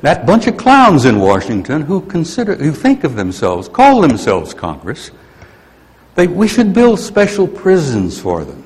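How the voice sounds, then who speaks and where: A man's voice: a little high, wildly swooping pitch, unhurried, darkish tone. An older man giving a rambling, grumpy, folksy talk to an audience. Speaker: speaker addressing an audience. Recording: long hall reverb.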